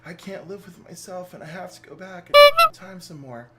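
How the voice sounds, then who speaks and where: A man's voice: high-pitched, huge pitch swings, normal speed, loud music behind the voice. A brooding young superhero, put on by a man, earnest and melodramatic. The voice is close to the man's own.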